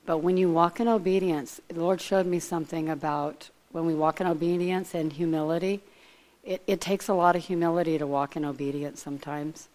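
A woman with a low voice preaches in an easy, conversational way. She wanders off on asides and thinks out loud as she retells the story. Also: steady tone, brisk. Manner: conversational and digressive, speculating aloud. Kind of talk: informal sermon.

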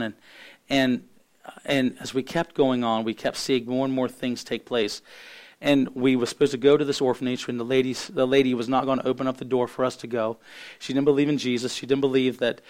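A man preaching and telling a personal testimony, halting and repeating words as he speaks. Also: mid-range voice. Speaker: minister. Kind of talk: sermon testimony.

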